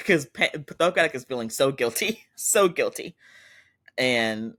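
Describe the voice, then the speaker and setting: A man's voice: medium pitch, animated, slow pace, sharp tone. A man hosting a podcast, giving a chatty casual recap and quoting characters in his own voice. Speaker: podcast host.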